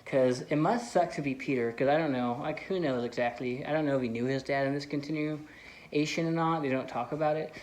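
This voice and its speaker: A man's voice: fairly high pitch, brisk, darkish tone. A man vlogging casual movie commentary, rambling enthusiastically with lots of "like" and "you know". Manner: enthusiastic fan. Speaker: film vlogger.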